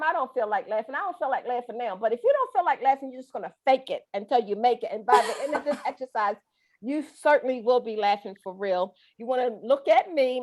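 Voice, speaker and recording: A middle-aged woman leading a guided breathing and laughter class over a video call, playful, folksy and coaxing. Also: high voice. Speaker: laughter exercise instructor.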